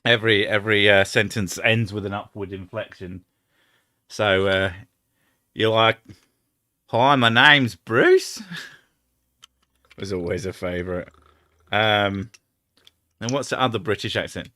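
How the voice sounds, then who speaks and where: Scottish man, edinburgh accent, lowish bright voice, rambling casual stream chat, swears a lot. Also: fairly even intonation, a little slow, pauses often, dry recording, studio quality. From Scotland. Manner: rambling, swears, does silly impressions. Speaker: streamer host.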